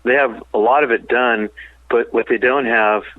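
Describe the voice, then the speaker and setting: A man, a songwriter and business partner, telling rambling, animated stories in a phone-in interview. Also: medium pitch, normal speed, no room sound. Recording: tinny phone line.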